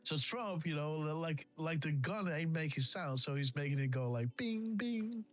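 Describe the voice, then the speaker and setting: A man's voice: fairly high pitch, normal speed, faint music behind. Laughing man hosting a casual livestream. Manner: laughing, repeats himself, imitates sound effects. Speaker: livestream host.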